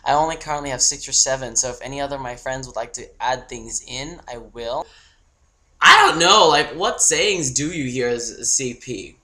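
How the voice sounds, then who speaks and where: This young man in his twenties rambles through a casual holiday video message with frequent giggles. His voice has a bright, forceful edge. His delivery stays loose and chatty, talking half to a toy. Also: mid-range voice, moderate pace. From Australia. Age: 20s. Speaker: vlogger.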